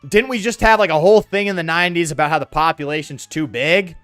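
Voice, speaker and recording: A man's voice: a little high, fast talker, a bit bright, dry recording, faint music behind. A young man streaming a game, rambling sarcastically with his chat in slangy, offhand talk. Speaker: gaming streamer. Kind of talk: casual let's-play commentary with chat.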